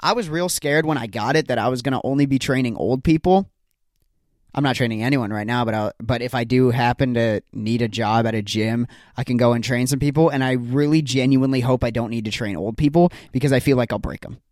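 A man's voice: mid-range voice, fairly quick, darkish tone, no room sound, studio quality. A young man hosting a solo podcast, rambling in a jokey, self-deprecating way. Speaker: podcast host.

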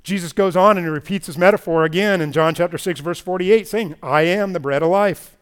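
A man preaching a sermon as pastor at a church service, swinging between loud emphatic stretches and quiet low passages. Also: a little fast, smooth.

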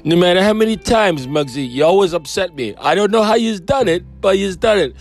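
A man's voice: high voice, animated, brisk, faint music behind, pitched above the performer's own voice. A man voicing a bossy male demon boss who scolds his underling. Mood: exasperated. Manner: exasperated, bossy.

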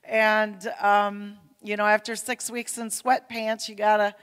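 A woman's voice: medium pitch, little pitch movement, unhurried, fairly bright tone, clean tone. A woman speaking casually to her church, folksy and self-deprecating with lots of fillers. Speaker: pastor's wife speaking at church. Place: church sanctuary. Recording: long hall reverb.

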